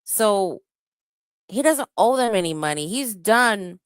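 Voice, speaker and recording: A woman hosts a casual live-stream reaction in a mid-pitched, everyday voice. She is blunt and profane and greets viewers between remarks. The sound is dry and close. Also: expressive, takes it slowly, clean tone, no echo. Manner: blunt, cussing, greets chat viewers by name.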